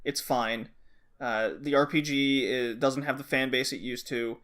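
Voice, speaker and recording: A man's voice: mid-range voice, steady tone, unhurried, a bit bright. A man co-hosting a podcast, bluntly complaining and swearing in casual chat. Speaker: podcast co-host.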